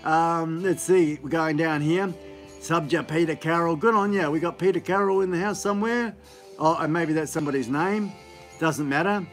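A man's voice: a little high, moderate pace, fairly bright tone, soft background music. A man hosts a casual live stream, rambling in an upbeat, chatty way with many fillers, recorded on a phone on a gimbal.

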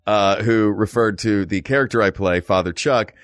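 Low-voiced joking man, dry mic. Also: normal speed, dry recording. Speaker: podcast co-host and actor. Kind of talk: casual comedy chat.

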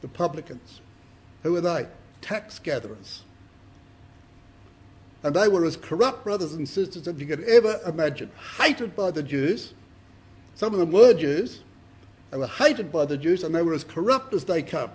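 A man's voice: high-pitched, lively intonation, normal speed, husky. A man preaching a Bible study to a congregation, reading scripture dramatically and asking rhetorical questions.

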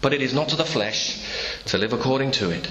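A man's voice: medium pitch, expressive, a little fast, fairly bright tone. A man preaching a sermon in a church, telling the story through imagined dialogue. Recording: echoey church room, faint ambience.

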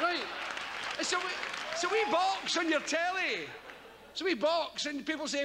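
A man's voice: very high voice, moderate pace, crowd noise, noisy background. A Scottish man performing live stand-up comedy on a theater stage, telling rambling, profane stories into a stage microphone. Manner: rambling, profane, animated storytelling. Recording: reverberant live hall with loud audience.

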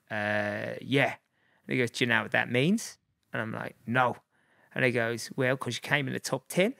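A man's voice: medium pitch, gravelly, fairly bright tone, no echo, clean studio sound. A man in his forties with a Liverpool accent, telling rambling anecdotes as a guest, full of fillers and chuckles. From Liverpool, England. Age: 40s. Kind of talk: casual storytelling.

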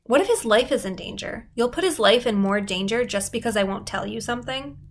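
A woman's voice: on the high side, expressive, fairly quick. Woman reads secretive girl, urgent and pleading, storybook reading.

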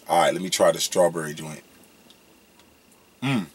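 A young man casually reviewing snacks in a vlog, excitable and slangy, breaking into loud whoops. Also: low voice, moderate pace, husky.

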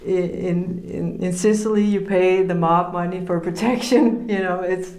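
A woman's voice: lowish voice, fairly even intonation, unhurried, darkish tone. A woman preaching an informal sermon, earnest and conversational, laughing often as she teaches. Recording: roomy echo.

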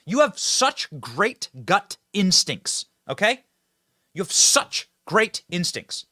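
High, animated male political host. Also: no room sound, studio quality. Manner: emphatic, fast-talking, addresses audience directly. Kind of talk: political commentary show.

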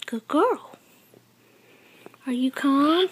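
A woman's voice: sits high, animated, slow pace, pushed and bright, slight background noise. A woman talking to a dog in a sing-song, coaxing baby-talk voice.

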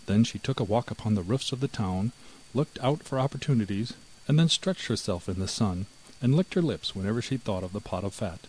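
A man narrating a fairy tale in an expressive, measured storybook reading. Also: lowish voice, slight background noise, low-quality recording. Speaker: audiobook narrator.

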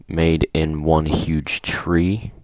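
Brief: male game commentator with a very low voice, upbeat, reads signs aloud, dry close sound. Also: fairly even intonation, drawn-out words, darkish tone, no room sound. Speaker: gaming video host. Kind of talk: casual gameplay commentary.

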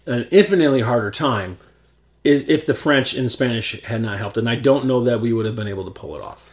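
American man, podcast co-host, chatty, jokey, casual discussion. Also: medium pitch. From United States. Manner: chatty, quick to joke and interject.

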